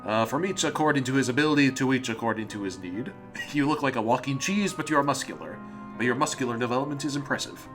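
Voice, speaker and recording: A man's voice: mid-range voice, quick pace, over music, lightly acted. A man doing a jovial comrade troll with a fake Russian accent. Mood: preachy. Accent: put-on Russian. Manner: rousing, preachy, addresses listener as comrade. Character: cheerful zealous male communist alien troll.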